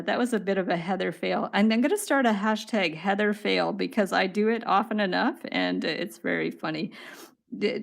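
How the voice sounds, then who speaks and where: A woman's voice: medium pitch, gravelly. A middle-aged woman, hosting a casual livestream craft tutorial, chatting upbeat with viewers while she works. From Canada. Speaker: wire craft livestream host.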